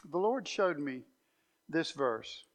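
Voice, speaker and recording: A man's voice: a little high, very animated, slow. A man preaching a sermon, walking through Bible passages and stressing key words with emphatic declarations. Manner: emphatic Bible teaching, rising to loud declarations.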